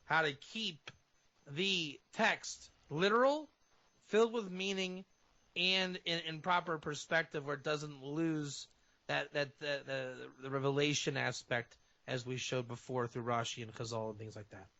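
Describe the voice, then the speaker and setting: A man, a rabbi and guest on a radio show, teaching in an animated way and sometimes acting out fervent prayer. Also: fairly high pitch, unhurried. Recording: dull lo-fi radio audio.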